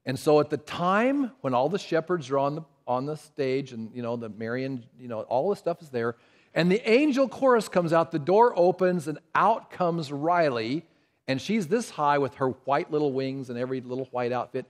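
Older man, pastor, storytelling sermon to a congregation, slightly high voice. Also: lively intonation, moderate pace. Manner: storytelling, asks the congregation questions.

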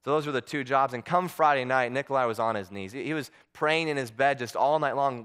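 A man's voice: medium pitch, fairly quick, hardly any pauses, a bit bright, clear, resonant tone. A male preacher telling a story in a sermon, earnest, often repeating words as he goes.

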